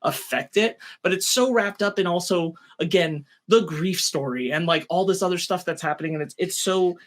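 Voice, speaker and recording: A man with a slightly raised pitch co-hosts a podcast chat. He circles his points in a long-winded, hesitant way, restarting his sentences as he thinks aloud. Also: normal speed, fairly bright tone. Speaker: podcast co-host. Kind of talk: casual chat.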